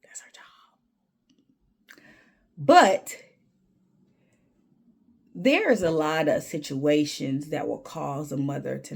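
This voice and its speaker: Woman, raspy, low-pitched, emphatic vlog storytelling, repeats words. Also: darkish tone. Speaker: vlogger. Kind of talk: candid storytelling monologue.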